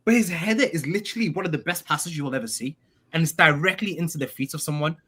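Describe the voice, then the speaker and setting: Fast-talking, enthusiastic man. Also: on the high side, pushed and bright, slightly rough. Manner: enthusiastic, admiring, quick. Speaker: podcast co-host. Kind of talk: casual football chat.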